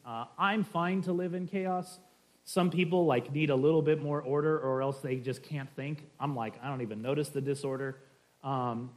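A man giving a casual, conversational Sunday school lesson with frequent ums and playful asides. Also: a little high. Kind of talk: casual church teaching. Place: church classroom.

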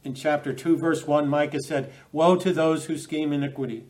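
A man preaching a sermon in a fairly high voice. He stops and restarts often, repeating words, and leans harder into the scripture he quotes. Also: fairly even intonation, normal speed, a little mellow.

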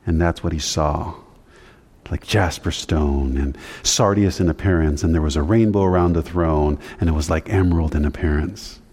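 A male pastor giving a conversational teaching sermon, his voice climbing higher when he stresses a point. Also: normal speed, darkish tone, breathy edge. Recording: long hall reverb.

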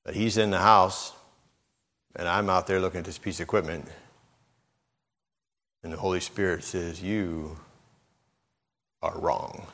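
Deep-voiced male preacher in a reverberant hall. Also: steady tone, normal speed, pauses often, sharp tone. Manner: conversational, repeats words, acts out quoted speech. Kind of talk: sermon with personal stories.

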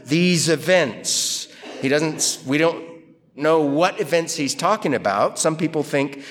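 A man's voice: on the high side, a little slow. A man preaching through a Bible passage verse by verse, conversational and emphatic, often asking rhetorical questions. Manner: lively, emphatic delivery. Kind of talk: expository Bible teaching.

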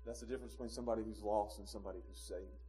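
A man, preaching a sermon in a church, moving between quiet low passages and loud emphatic peaks with chuckles. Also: steady tone, very fast, faint music behind. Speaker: pastor. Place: church sanctuary.

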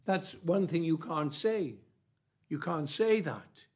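A man preaching a sermon, emphatic and repetitive, with long pauses between phrases. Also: on the high side, lively intonation, darkish tone.

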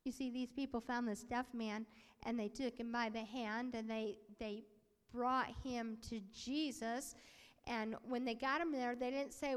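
In a long, reverberant hall, a woman delivers a preacher's sermon and personal testimony at an unhurried pace. Her fairly high voice tells the story with animation, performing the quoted voices and occasionally sinking to a whisper.

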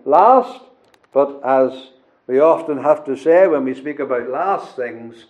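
A man preaching a sermon in a measured, emphatic way, with deliberate pauses between phrases. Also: mid-range voice, animated. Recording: dull, lo-fi sermon recording.

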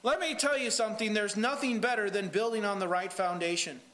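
A man's voice: high voice, brisk, a bit bright, roomy sound, rough recording. A man preaching a sermon as pastor of a church, with an emphatic delivery that rises and falls.

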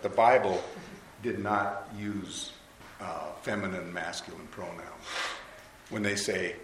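A man preaching a sermon to a live audience in a conversational way, asking them questions. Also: lowish voice. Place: hall with an audience. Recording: roomy hall, faint noise.

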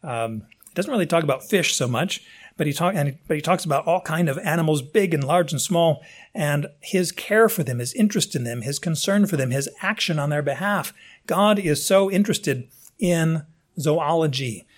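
A man preaching a sermon in a conversational, digressive way, restarting phrases and jumping up in pitch for emphasis. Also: normal speed. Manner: animated, with big swings in pitch for emphasis. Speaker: pastor.

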